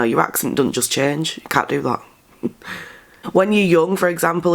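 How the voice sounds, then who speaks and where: An English woman giving blunt, sarcastic commentary as a vlogger, stressing words with sudden high jumps. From England. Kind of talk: casual commentary monologue.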